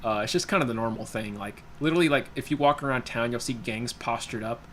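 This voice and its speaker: A man's voice: medium pitch, fast talker, a bit bright, slight background noise. A young man hosting a livestream, chatting loosely and telling stories, with lots of fillers, restarts and laughs. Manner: rambling, laughs often, many fillers and restarts. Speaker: livestream host. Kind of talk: casual chat while reading viewer comments.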